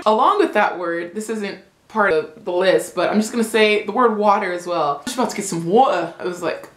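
A woman's voice: mid-range voice, brisk. Giggly woman vlogging in an echoey room. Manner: giggly, playful, keeps breaking into laughter. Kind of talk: casual comedic vlog.

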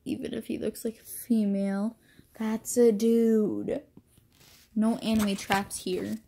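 A woman's voice: medium pitch, a little mellow. A young woman chatting casually into a phone at home, rambling and self-deprecating about her drawings. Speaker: amateur artist. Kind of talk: casual chat.

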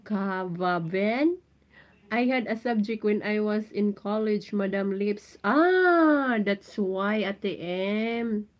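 A woman's voice: mid-range voice, lively intonation, takes it slowly, dull audio. A Filipino-accented woman on a casual livestream, reading viewer comments aloud in a playful, giggly way and sounding out foreign phrases.

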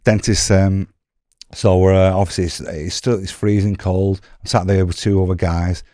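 Brief: deep, dark-toned man, loose rambling storyteller, swears a lot, dry sound. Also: level tone, normal speed, dry recording. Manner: rambling, swears freely, restarts. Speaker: guest, former prisoner. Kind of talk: casual storytelling.

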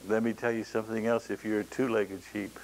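A man preaching a sermon to a congregation, pleading and building to loud, passionate cries. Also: on the low side, level tone, a little fast, creaky, rough recording.

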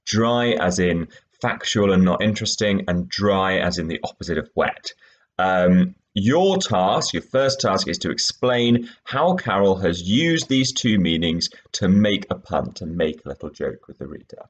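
A male English teacher explaining tasks in a recorded lesson, patient and clear, with some fillers. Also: low voice, lively intonation, unhurried. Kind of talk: recorded lesson with read-aloud extracts.

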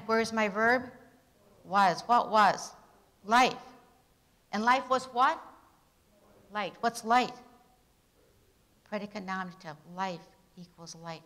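Bright, emphatic woman teaching grammar. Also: medium pitch, a little slow, pauses often, poor audio. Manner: question-and-answer drilling, emphatic on key words. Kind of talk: classroom grammar lesson.

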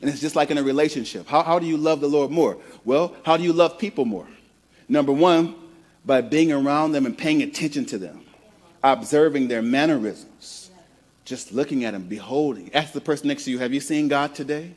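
A man from the American Midwest preaching a sermon in an easygoing, conversational way. He doubles back on his words and repeats phrases as he works toward a point. His voice sits at a middle pitch for a man. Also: a little fast, darkish tone. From Midwest of the United States. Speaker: pastor.

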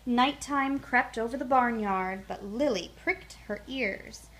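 A woman reading a children's picture book aloud in a gentle, calm bedtime manner. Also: fairly high pitch, takes it slowly. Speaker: storyteller.

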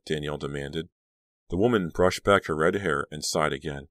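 Deep-voiced male audiobook narrator. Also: no echo, studio quality. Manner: expressive, measured storytelling.

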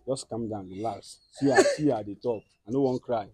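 A man with a Nigerian accent who hosts a comedy skit, scolding and soothing people in fast, direct talk. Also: lowish voice, darkish tone, husky, no room sound, clean studio sound. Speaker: skit host and mediator.

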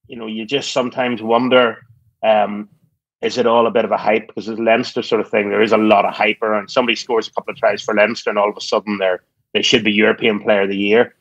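A man's voice: fairly low pitch, no echo, highs cut off. A man with an Irish accent, a guest on a podcast, talking in a dry, understated way. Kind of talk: casual chat.

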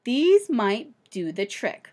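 A woman voicing a kind, sweet old woman in a storybook read-aloud, speaking gently and brightly. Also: on the high side, very animated, takes it slowly, full character voice. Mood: kindly.

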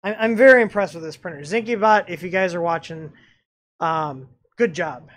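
A man with a high, slightly bright voice talks at a moderate pace while hosting a casual live-stream review of a 3D printer. As the channel host, he rambles, filling his speech with "um"s and frequent restarts.

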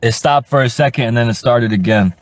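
Sitting in his parked car, a man streams live and rambles at his chat in a brisk, medium-pitched voice. He sounds fed up and swears a lot, tripping over words he repeats.

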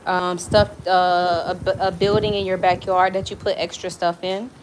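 A woman's voice: fairly low pitch, little pitch movement, normal speed. Woman cooking n chatting at home, slangy n easygoing, talks to the kids too, phone cam w a little hiss. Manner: chatty, talks to viewers and to her kids off camera between steps; loose, slangy casual speech. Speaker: vlogger cooking for her channel. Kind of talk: casual chat while cooking. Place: home kitchen. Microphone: phone camera nearby, set down at times.

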